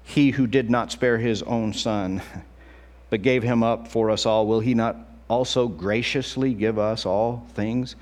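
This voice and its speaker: Animated preaching male pastor. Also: medium pitch, unhurried. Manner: animated, conversational preaching with acted-out quotes. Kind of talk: sermon.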